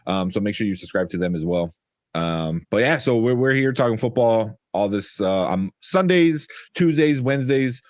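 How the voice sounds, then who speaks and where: A man's voice: fairly low pitch, expressive, normal speed, no room sound, studio quality. A man with a Chicago accent hosting a casual sports chat, rambling along with lots of fillers and the odd curse. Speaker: podcast host.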